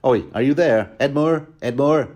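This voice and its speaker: A man's voice: mid-range voice, moderate pace, a little mellow, lo-fi sound, pitched above the performer's own voice, lightly acted. A man voicing an overly cheerful, chummy young nobleman who gushes at everyone. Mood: gushing. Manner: gushing, chummy.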